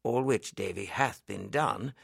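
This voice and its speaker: A man reading the part of an earnest, kindly elderly minister in an audiobook, speaking in a solemn, measured, old-fashioned way. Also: on the low side, gravelly, breathy edge, no echo, studio quality, full character voice.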